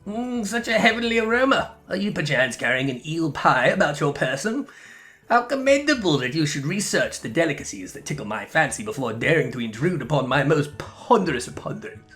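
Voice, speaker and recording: A man voicing a pompous, high-voiced gourmand master who talks in florid, grandiose phrases. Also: sing-song, brisk, a bit bright, soft background music.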